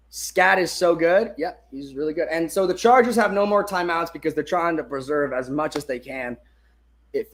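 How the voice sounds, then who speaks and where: A man with a high-pitched voice calls a game live as a fan streamer, talking into a phone held in his hand. He is excitable and curses freely. He swings between hyped shouting and quiet, muttered asides. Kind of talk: excited live sports watch-along commentary.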